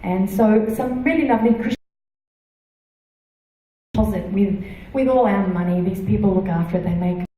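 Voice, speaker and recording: A middle-aged woman shares her personal testimony from a church stage. Her voice is mellow and dark, picked up from some distance so it sounds thin against the hall. A heavy echo fills the large room around her, and she talks haltingly, with many fillers and restarts. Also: mid-range voice, fairly even intonation. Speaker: church member giving testimony. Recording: echoey hall, voice from far off.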